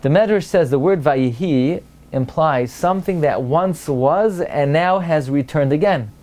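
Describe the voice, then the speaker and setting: Rabbi, male, lecture delivery: animated, fairly high voice, rhetorical questions, swings up for emphasis. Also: unhurried. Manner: animated, rising to a high excited pitch for emphasis; peppers English with Hebrew and Aramaic terms, asks rhetorical questions. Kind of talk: Torah lecture.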